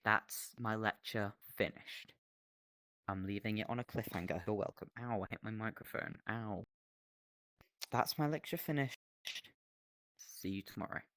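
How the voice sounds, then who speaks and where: A man's voice: lowish voice, measured pace, long pauses, a little hiss or hum. A young man rambling through an absurd mock lecture in a VR chat, on a headset mic. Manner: rambling, absurd, deadpan silliness.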